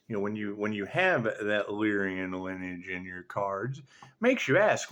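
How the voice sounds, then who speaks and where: A man's voice: lowish voice, very animated, unhurried, fairly bright tone. A man who reads tarot, ranting in a casual, sardonic and profane way that rambles from one thought to the next. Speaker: tarot reader. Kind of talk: casual spiritual rant.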